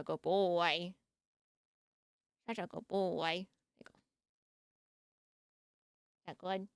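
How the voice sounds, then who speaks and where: A woman's voice: lowish voice, steady tone, slow pace, pauses often, clear, resonant tone, dry recording, clean studio sound. A woman streamer reacting live in a casual, laughing way, cooing at her dog between comments.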